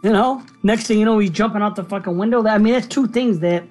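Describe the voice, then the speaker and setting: A man's voice: high-pitched, fast, a little mellow, faint music behind. A man co-hosting a casual movie review podcast, swearing a lot and ranting with animation. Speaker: podcast co-host.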